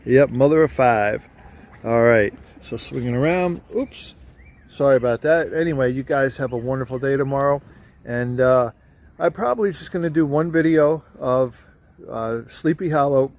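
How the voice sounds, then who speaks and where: A man's voice: mid-range voice, normal speed, a little mellow. A man in his sixties telling a joke in casual chat as a camping vlogger, outdoors at a campsite by a fire, filmed on a handheld camera. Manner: folksy storyteller.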